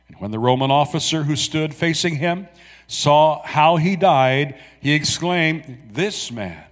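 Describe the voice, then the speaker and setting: A man preaching, reading scripture aloud slowly and dramatically, with soft asides to the congregation. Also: mid-range voice, in a large hall.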